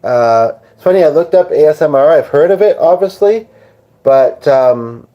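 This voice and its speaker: A man's voice: a little high, expressive, moderate pace, dull audio. A tired man hosting a live stream, rambling and joking casually as he answers viewers' comments. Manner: rambling, jokey, chatty with viewers. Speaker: livestream host.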